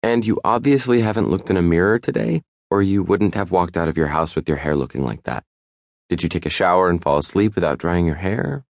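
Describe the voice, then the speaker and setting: Sharp, probing young woman, read by a man. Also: low voice, creaky, no room sound, studio quality. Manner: brisk, deductive questioning. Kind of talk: audiobook dialogue.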